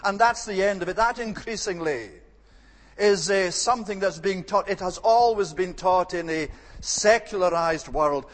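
Preacher, male, high-pitched, emphatic and measured sermon delivery, church hall with a long echo.

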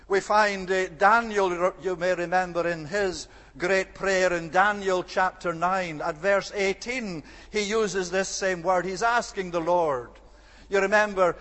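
A man preaching an expository sermon, earnest and measured, slowing down to stress key words. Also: high-pitched, a bit bright. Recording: long reverb of a large hall.

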